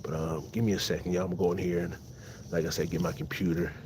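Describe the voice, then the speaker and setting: Low-voiced Californian man, relaxed livestream host talking to viewers, noisy outdoor phone audio. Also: fast talker. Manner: laid-back, keeps calling viewers y'all and thanking chatters. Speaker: dog breeder hosting a livestream. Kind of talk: casual livestream chat. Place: outdoors in the cold beside big dogs. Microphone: phone set up on the spot.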